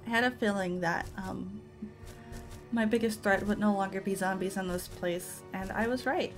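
A woman's voice: medium pitch, normal speed, faint music behind. A woman giving casual let's-play commentary, talking to herself and letting out frightened yelps.

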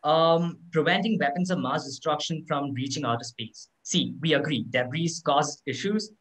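A man's voice: on the high side, moderate pace, a bit bright, rough recording. A young man, a student debater, earnestly making his case in a casual, filler-laden way on a video call. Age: teenager or young adult. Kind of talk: live debate rebuttal. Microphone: computer mic on a video call.

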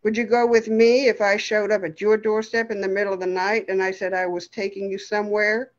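A woman's voice: mid-range voice, little pitch movement, brisk, muffled recording, close to an everyday voice. A woman voicing a feisty, stubborn elderly woman with dementia, scolding in a tart way. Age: older.

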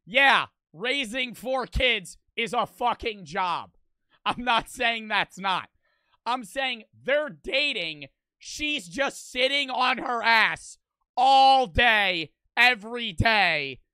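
Bright, crisp young man streaming. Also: very high-pitched, takes it slowly, dry recording. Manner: profane, blunt, animated. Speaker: streamer reacting to a video. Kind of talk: casual stream commentary.

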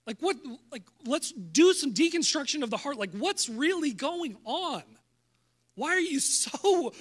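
A man preaching a sermon at a church service, animated and jokey, acting out scripture lines with laughs. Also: very high-pitched. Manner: animated, jokey, acts out Bible voices with laughs. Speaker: pastor.

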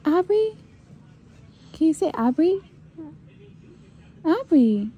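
A mother gently coaxing her young son to say words, repeating them softly, in a hospital room. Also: high voice, lively intonation, drawn-out words, highs cut off. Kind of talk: baby talk with her son.

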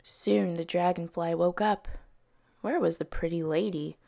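A woman educator reading picture books aloud for young children at story time, slow and expressive, with soft voices for the characters. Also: on the low side, vocal fry. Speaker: early years educator.

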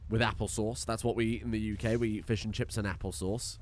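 A man's voice: on the low side, level tone, fast, slight background noise. A man giving casual, jokey, rambling gameplay commentary as a streamer, swearing freely.

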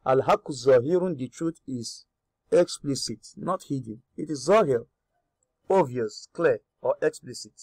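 A man teaching a grammar lesson. He repeats each word slowly, gives its English meaning and asks the learner questions. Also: medium pitch, lively intonation, darkish tone, dry recording. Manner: repeats Arabic words slowly, then glosses them in English. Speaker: Arabic teacher.

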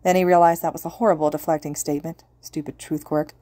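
A woman reading a story aloud as a podfic narrator, in steady, plain narration. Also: low-pitched, fast talker, no room sound. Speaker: podfic reader. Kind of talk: audiobook narration.

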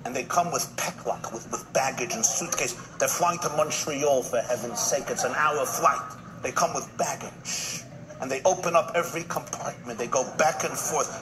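Man telling jokes on a noisy recording. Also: a little high. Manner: punchy joke-telling with quick asides and repeated punchlines. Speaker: rabbi giving a humorous speech. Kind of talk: live comic speech telling jokes. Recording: noisy live event recording.

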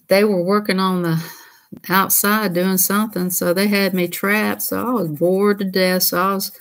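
A woman's voice: medium pitch, fairly bright tone. Folksy woman chatting on a livestream. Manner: folksy, chatty, laughs easily. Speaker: livestream host. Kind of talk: casual livestream chat.

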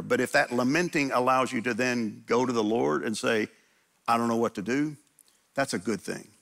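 Male pastor, sermon delivery, gravelly and bright, earnest, repeats himself while acting out prayers. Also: mid-range voice. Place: church, men's gathering.

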